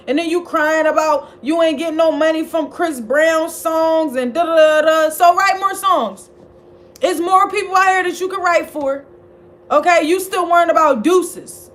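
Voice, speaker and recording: A high-pitched woman talks straight to her viewers in a loose, profane commentary vlog. She is sassy and blunt, and she scolds the people she discusses. She swings between mocking outbursts and quiet asides. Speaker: commentary channel host. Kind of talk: casual profane gossip commentary.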